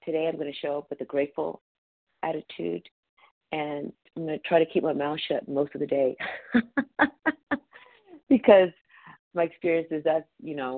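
A woman's voice: low-pitched, dry recording. A woman sharing earnestly and gratefully in a recovery meeting over a call. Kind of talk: personal share in a recovery meeting. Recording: phone-quality call audio.

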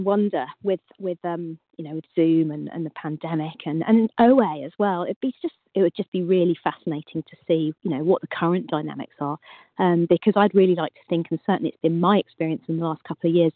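An English-accented woman in her forties shares at a recovery meeting in a reflective, halting way, pausing on "um" as she thinks. The call audio is narrow and phone-like, with no room sound at all. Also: on the low side, breathy edge, no echo. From England, UK. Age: 40s. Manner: reflective, hesitant, many "um"s. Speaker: meeting member sharing. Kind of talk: casual sharing at a recovery meeting. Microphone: video call. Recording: dry tinny phone-like line.

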